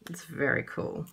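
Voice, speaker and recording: A woman's voice: fairly low pitch, a little mellow, a little hiss or hum. A woman with an Australian accent giving a chatty, casual card-making tutorial, laughing often.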